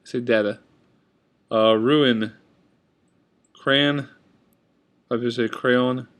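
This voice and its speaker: Young-sounding guy, clear resonant voice, relaxed webcam vlog chatter, offhand and chatty. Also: mid-range voice, slow. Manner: reads word list, comments offhand. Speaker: vlogger. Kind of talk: casual accent tag video. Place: indoors at a computer. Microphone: webcam at computer.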